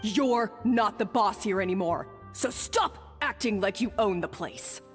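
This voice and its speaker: An actress playing a defiant young head chef in a video game, prickly and defensive. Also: female voice, mid-range voice, unhurried, long reverb tail, soft background music, natural voice.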